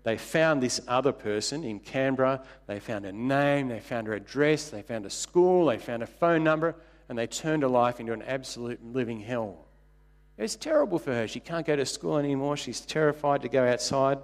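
Wry preacher telling stories. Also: male voice, lively intonation, normal speed, long reverb tail. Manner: wry, anecdotal storytelling with sudden jumps in pitch. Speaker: pastor. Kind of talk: sermon.

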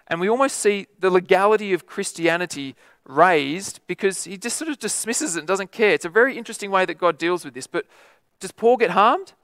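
Aussie preacher guy, chatty sermon, lots of "doesn't he?", fairly high voice, dry sound. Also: fairly bright tone, dry recording. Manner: conversational, rhetorical tag questions.

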